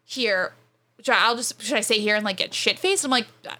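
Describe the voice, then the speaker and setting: A young woman in a casual chat launches into a story with animated speech full of "like" fillers. Her voice is bright and a little tense, and it sits somewhat high. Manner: animated, fast, frequent "like" fillers, laughing as she tells it.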